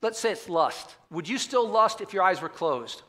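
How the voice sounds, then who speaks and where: A man's voice: high-pitched, lively intonation, normal speed, fairly bright tone. A man pastor giving a conversational sermon, often asking the congregation questions. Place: church auditorium.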